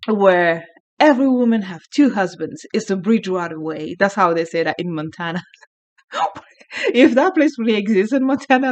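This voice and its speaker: A woman vlogger talks off the cuff, blunt, crude and wandering from thought to thought. Her voice sits at a middle pitch. The recording sounds muffled and lo-fi. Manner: frank, crude and rambling. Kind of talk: casual unscripted chat.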